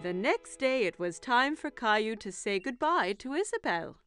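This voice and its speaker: Woman, cartoon narrator, gentle storyteller, fairly high voice, lively pitch, music playing behind. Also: normal speed.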